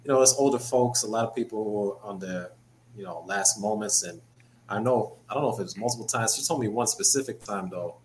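A man co-hosting a podcast, speaking in a relaxed, thoughtful way. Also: on the low side, brisk, a little hiss or hum, rough recording. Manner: relaxed, thoughtful, many "you know" fillers. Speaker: podcast co-host. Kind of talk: casual chat.

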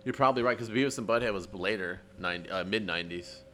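Middle-aged man, podcast co-host; low voice, giggly and rambling, very casual delivery. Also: fast talker, fairly bright tone, slight background noise. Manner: laughs often, rambling, says dude a lot. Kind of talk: casual chat.

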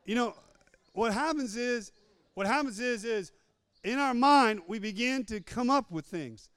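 A man's voice: extremely high pitch, lively intonation, measured pace, fairly bright tone, clean tone, no room sound. A man preaching a humorous sermon, repeating phrases for emphasis and acting out little scenes in different voices.

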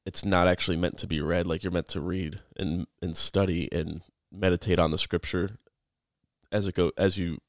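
Very deep male voice, podcast co-host, casual bible study talk, dry close mic. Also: moderate pace, no echo. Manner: relaxed, rambling, explanatory.

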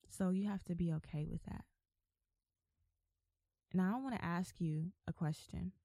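A woman's voice: on the low side, unhurried, gravelly, long pauses, dark tone, no echo. Emphatic woman preaching encouragement. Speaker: podcast host. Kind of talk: faith podcast exhortation.

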